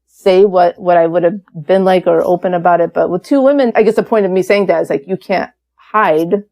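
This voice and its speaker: A woman's voice: lowish voice, a little fast. A woman guest on an interview podcast, telling her story in a casual, candid way with lots of fillers. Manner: chatty, many fillers, animated and candid.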